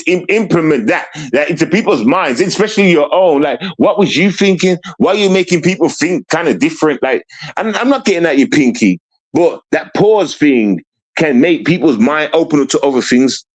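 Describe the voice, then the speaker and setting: Animated, profane man ranting on stream. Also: a little high, poor audio. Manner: profane, repetitive, confrontational; rambling with stammered restarts. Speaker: livestreamer. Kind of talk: live stream rant at chat.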